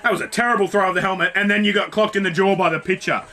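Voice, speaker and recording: A man, reacting excitedly to clips, swearing freely and calling out at the screen. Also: high voice, rapid-fire. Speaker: reaction video host. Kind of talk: casual reaction commentary.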